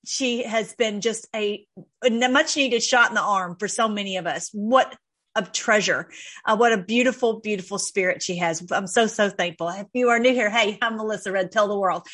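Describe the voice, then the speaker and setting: A woman's voice: medium pitch, a bit bright. A middle-aged woman hosting her own video channel, talking effusively in casual faith-based commentary and often repeating and restarting her phrases. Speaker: host of an online video channel.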